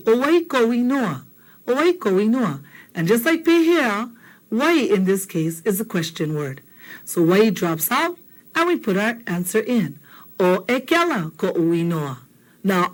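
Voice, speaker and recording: A woman from Hawaii, teaching a casual language lesson, joking and repeating phrases slowly for learners. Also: medium pitch.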